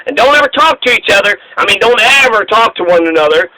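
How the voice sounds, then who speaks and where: A man's voice: sits high, expressive, quick pace, sharp tone, rough recording. A man ranting angrily about politics and the news, swearing freely and taking a sarcastic tone. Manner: angry, profane, sarcastic. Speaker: political commentator. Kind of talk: profane ranting monologue.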